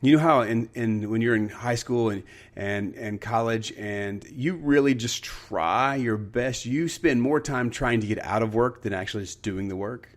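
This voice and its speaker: Man, podcast host, earnest, casual monologue, mid pitch, stumbles and restarts. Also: normal speed, hardly any pauses. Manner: earnest, storytelling, frequent restarts.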